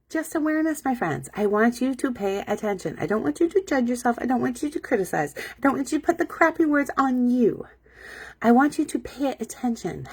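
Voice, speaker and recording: A middle-aged woman with a slightly husky voice gives an upbeat live pep talk to her community. Her pitch swoops all over as she stresses words with enthusiasm. It sounds like a webcam or phone stream, casual and chatty. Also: fairly bright tone. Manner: enthusiastic, emphatic, chatty with fillers. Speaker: community host and coach.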